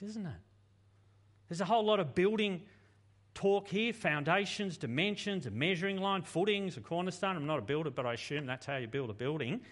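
A male pastor preaches a sermon in a lively, conversational style packed with rhetorical questions, his voice sitting high.

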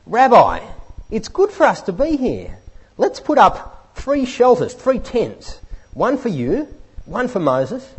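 A man preaching a sermon in an animated, conversational way, often correcting himself mid-sentence. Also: on the high side, husky, low-quality recording.

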